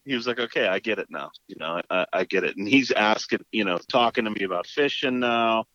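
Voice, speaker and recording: A man's voice: lowish voice, brisk, dry recording, muffled recording. A man in casual talk, telling a story with energy and acting out both sides of a quarrel. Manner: animated, acts out both sides of the exchange.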